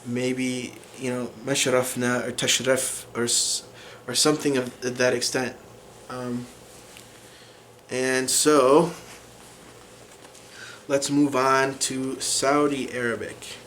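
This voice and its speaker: Slow, patient man teaching language. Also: medium pitch, level tone, fairly bright tone, a little hiss or hum. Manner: unhurried, many fillers and restarts while explaining. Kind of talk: explanatory language lesson.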